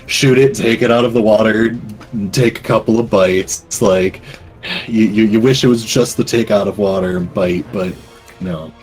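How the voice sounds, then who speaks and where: A man narrating as game master of a tabletop game, casual and halting, with many fillers. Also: fairly low pitch, a little mellow, faint music behind.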